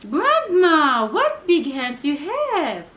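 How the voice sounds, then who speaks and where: A woman voicing an eager, obedient little girl in a bedtime story, high and earnest. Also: animated, slow pace, echoey room. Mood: alarmed.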